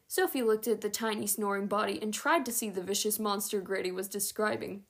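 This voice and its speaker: A woman narrating a chapter book aloud in a steady, even read-aloud manner. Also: medium pitch, fairly quick, hardly any pauses. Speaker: audiobook narrator.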